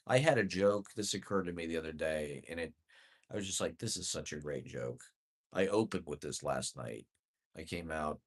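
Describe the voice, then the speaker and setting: A man's voice: sits low, animated, normal speed. A man rambling through a profane, self-deprecating comedic monologue with sardonic chuckles. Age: adult.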